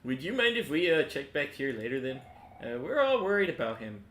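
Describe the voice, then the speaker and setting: A man's voice: medium pitch, big pitch swings, fairly quick, a bit bright, slight background noise. A man voicing a friendly, eager young boy character, speaking earnestly with small hesitations, in an echoey room.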